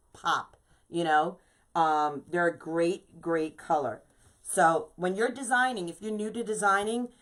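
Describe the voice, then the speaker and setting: New woman, lowish voice, chatty live craft teacher who greets viewers as she goes. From New York. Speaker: wreath designer teaching a live class. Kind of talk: casual live-stream craft tutorial.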